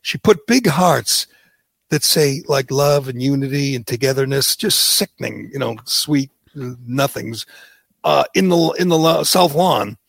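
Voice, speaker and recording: A man's voice: medium pitch, animated, measured pace, gravelly, dry recording. A man hosting a podcast in casual political chat, rambling and sarcastic with many restarts. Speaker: podcast host.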